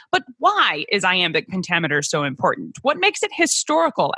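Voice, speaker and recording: A woman podcast host reading a scripted introduction and asking interview questions in a lively, emphatic way. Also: medium pitch, no echo. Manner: reads in a lively, emphatic, sing-song way.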